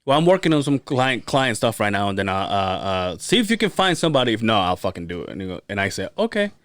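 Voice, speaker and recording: Male podcast host, animated profane storyteller, expressive pitch, dry close sound. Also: fast, dry recording. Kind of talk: casual storytelling chat.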